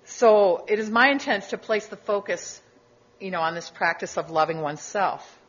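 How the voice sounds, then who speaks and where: A middle-aged woman giving a sermon as a guest speaker, gentle and reflective, with casual asides. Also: mid-range voice, moderate pace, lo-fi sound.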